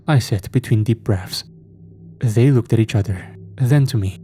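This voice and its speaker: A man reading a scripted horror story in a steady, measured way. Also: lowish voice, soft background music.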